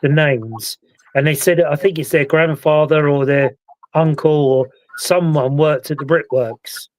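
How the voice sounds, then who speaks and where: A British man hosting a casual live-stream chat about a paranormal investigation, talking in a relaxed, rambling way. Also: on the high side, unhurried, dry recording, poor audio. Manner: relaxed, chatty, recounts events at length. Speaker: paranormal investigator and show host.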